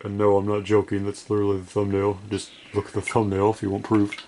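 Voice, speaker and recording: Talking fast in a completely flat, lowish voice, a gaming video creator who hasn't slept enough rambles, swears and runs himself down during casual gameplay commentary. Background noise is present.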